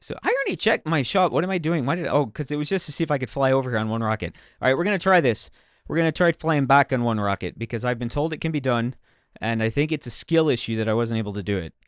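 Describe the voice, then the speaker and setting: A man narrating his own gameplay in a loose, rambling way, often poking fun at himself. His voice is smooth and clear, recorded dry and close with no room sound. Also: mid-range voice, lively intonation, fast talker, hardly any pauses, no room sound. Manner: chatty, self-mocking, talks to himself while playing. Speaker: game streamer. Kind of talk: casual gameplay commentary.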